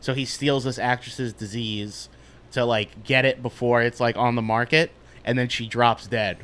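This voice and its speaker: Casting note: man, podcast guest, mid-pitched voice, rambling and casual plot summary. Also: flat delivery, normal speed, fairly bright tone, clear, resonant tone.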